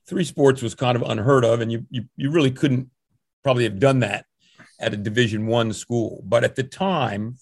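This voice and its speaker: An older man with a gravelly, creaky voice, recorded dry and close, tells long stories as a veteran coach. He rambles warmly from anecdote to anecdote, with plenty of restarts and small chuckles. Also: medium pitch, normal speed, no room sound. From New Jersey, USA. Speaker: swim coach. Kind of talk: relaxed interview storytelling.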